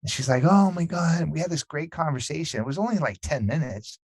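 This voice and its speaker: A man's voice: fairly high pitch, quick pace, slightly rough, dry recording. A man telling a story in a casual podcast conversation, acting out what people said. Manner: animated storyteller, acts out quotes. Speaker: podcast guest.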